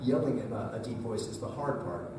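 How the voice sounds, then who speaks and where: A man's voice: medium pitch, lively intonation, brisk, noisy background. A man talking as a guest voice actor at a convention panel, joking and breaking into character voices. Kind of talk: casual panel Q&A. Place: large convention hall. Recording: echoey convention hall, mic from far off, crowd ambience.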